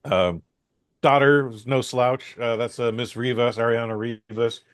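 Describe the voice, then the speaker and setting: A man's voice: medium pitch, fairly even intonation, unhurried, dry recording. A man hosting a podcast, rambling through a casual film review with many fillers, restarts and some swearing.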